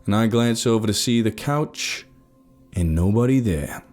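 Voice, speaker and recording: A man narrating a first-person story, giving each character an expressive voice. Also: lowish voice, a little slow, soft background music.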